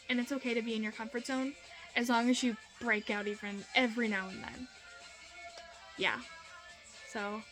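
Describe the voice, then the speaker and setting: A young woman speaks to camera in a casual, earnest vlog, with a slightly high voice. She is chatty and repeats her points for emphasis, and faint music plays underneath. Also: fairly bright tone, poor audio. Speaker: vlogger. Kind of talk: casual motivational talk to camera.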